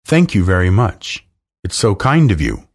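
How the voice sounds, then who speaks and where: A man's voice: sits low, very animated, unhurried, full character voice. A man reading a storybook aloud, voicing a prim, polite nanny.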